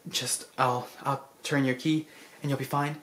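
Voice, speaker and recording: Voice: medium pitch, level tone, unhurried, fairly bright tone, natural voice. A vlogger quoting a devoted young heroine in a lightly acted, pleading tone during a casual movie recap.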